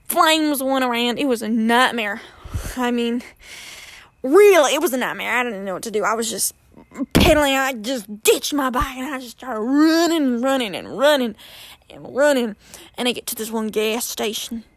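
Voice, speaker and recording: A woman's voice: fairly high pitch, lively intonation, normal speed, no echo. A woman guest telling a story casually and dramatically, repeating phrases for effect.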